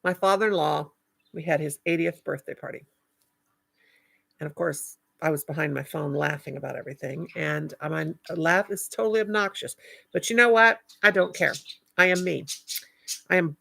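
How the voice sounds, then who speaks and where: Older lady rambling on her live, sweet and chatty, gravelly voice that cackles when she laughs. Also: on the low side, fairly bright tone. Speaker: live stream host. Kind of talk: casual live chat with viewers.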